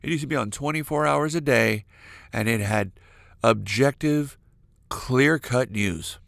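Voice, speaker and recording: A man's voice: medium pitch, a little slow, creaky, fairly bright tone, dry recording, clean studio sound. A man hosting a podcast, ranting crudely and animatedly in a comedic solo monologue. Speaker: podcast host.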